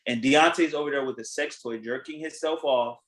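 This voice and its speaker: A man hosting a podcast in casual chat, retelling a reality show in a blunt, animated way, acting out what people said and swearing freely. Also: medium pitch, a little fast, rough recording. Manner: animated storytelling, acting out quotes. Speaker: podcast host.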